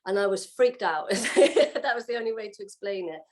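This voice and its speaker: A woman's voice: medium pitch, normal speed, slight background noise. Woman telling her story animatedly. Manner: animated, acts out what she said and felt. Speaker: guest sharing her testimony. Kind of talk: casual personal storytelling.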